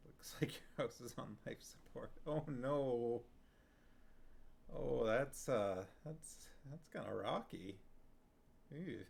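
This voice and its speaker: A man's voice: medium pitch, slow, gravelly, darkish tone. A man streaming live, chatting casually and rambling as he reacts to messages from his viewers. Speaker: streamer reading a book with viewers.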